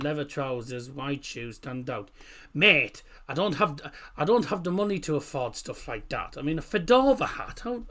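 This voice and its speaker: A man's voice: medium pitch, a bit bright. A man hosting a casual football watchalong stream, rambling through chat messages with lots of fillers.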